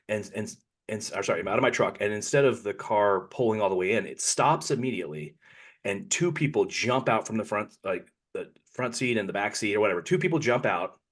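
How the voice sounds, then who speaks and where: Man, podcast co-host, lowish pitch, casual rambling storyteller, self-correcting. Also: breathy edge. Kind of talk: casual anecdote telling.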